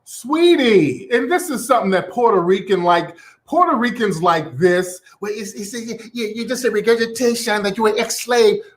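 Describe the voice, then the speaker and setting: Sassy profane American man, lively pitch. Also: normal speed, few pauses. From United States. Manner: sassy, profane, mocking, calls people sweetie and boo. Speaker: commentary channel host. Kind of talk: ranting commentary.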